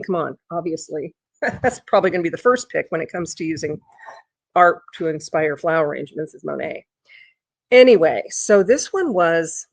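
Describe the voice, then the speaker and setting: A woman vlogger chatting casually, rambling with restarts and breaking into high sing-song talk to her dog. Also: no echo. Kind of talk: casual chat.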